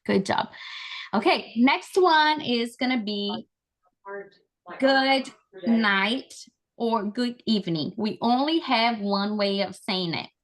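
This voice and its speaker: A woman's voice: a little high, slow pace. A woman from Brazil, leading an online language lesson with call-and-repeat drills in an upbeat, encouraging, chatty way over a video call. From Brazil, Amazonas. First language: Portuguese. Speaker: language and culture trainer.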